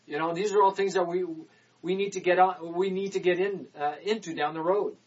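A man preaching a sermon, emphatic, repeating phrases and swinging from loud declarations to quick muttered asides. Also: sits high, steady tone, breathy edge, muffled recording.

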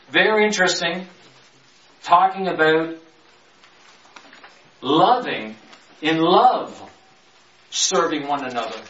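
A man gives a casual Bible teaching, with a higher-than-usual voice for a man. He draws out important words slowly and then hurries through side stories. The sound is dull and roomy, picked up from some distance. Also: a bit bright. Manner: stretches key words slowly, rushes through asides. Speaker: preacher.

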